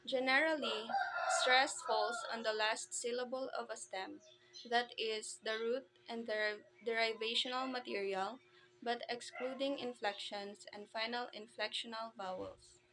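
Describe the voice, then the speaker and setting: A woman's voice: on the high side, steady tone, a little slow, bright, forceful tone, a little hiss or hum, poor audio. A woman presenting a language lesson, reading out terms carefully and sounding out each example. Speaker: presenter explaining Romanian phonetics. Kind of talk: slow read-aloud lesson.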